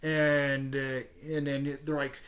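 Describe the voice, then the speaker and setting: A man's voice: medium pitch, level tone, slow, a bit bright. A man casually retelling a fan story, rambling with many fillers and restarts.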